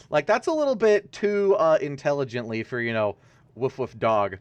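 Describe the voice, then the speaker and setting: A man's voice: medium pitch, expressive, moderate pace, clean tone, no echo. A man streaming a video game, giving casual, rambling, jokey and self-mocking commentary as he plays. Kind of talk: casual let's-play commentary.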